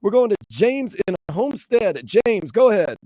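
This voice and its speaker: A man's voice: sits high, sing-song, normal speed, mellow, no room sound. A man from New Orleans hosting a call-in sports radio show, swinging between weary and fired up.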